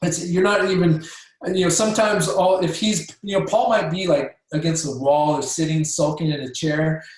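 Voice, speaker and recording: A man's voice: fairly high pitch, steady tone, normal speed. A man giving a casual training talk, coaching listeners and acting out sample conversations with patients. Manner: coaching, checks in with listeners with frequent "okay?". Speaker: chiropractic practice trainer. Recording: very echoey room.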